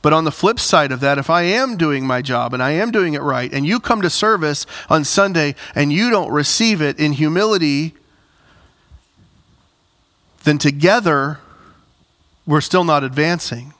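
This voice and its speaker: Pastor guy preaching, bright forceful voice, bit high, builds up to loud emphatic bits. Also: animated, moderate pace. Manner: preaches with rising emphatic bursts, direct address to congregation. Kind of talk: sermon.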